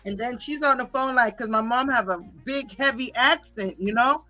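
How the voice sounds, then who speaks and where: A woman's voice: a little high, normal speed, soft background music, poor audio. A woman hosting a livestream, telling a story to her chat casually, laughing often and swearing freely. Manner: laughing, profane, animated. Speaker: livestream host.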